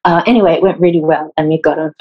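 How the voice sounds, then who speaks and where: A woman from Israel with an Israeli accent, a theatre designer telling anecdotes in an interview, animated and laughing often. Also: deep voice, rapid-fire, muffled recording. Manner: animated storyteller, laughs often, acts out quotes.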